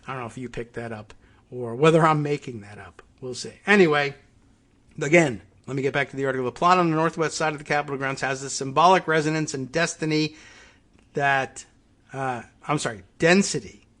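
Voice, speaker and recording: A man hosting a talk show, reading an article aloud slowly and deliberately, then breaking off into quiet, halting asides. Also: medium pitch. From United States. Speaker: podcast host.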